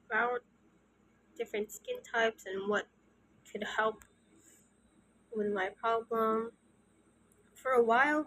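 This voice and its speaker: A young woman in her early twenties speaks slowly and hesitantly, pausing often as she confides in her viewers. Her voice sits a little high and stays soft-spoken throughout. A faint hiss runs underneath the recording. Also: rough recording. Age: early 20s. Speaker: channel host. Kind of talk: casual confessional talk.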